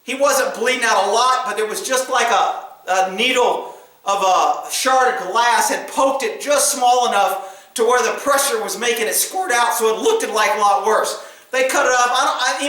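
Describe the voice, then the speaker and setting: A middle-aged man, a former police officer, casually telling a story, animated, laughing often and acting out loud quotes. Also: very high voice, normal speed, heavy reverb, poor audio.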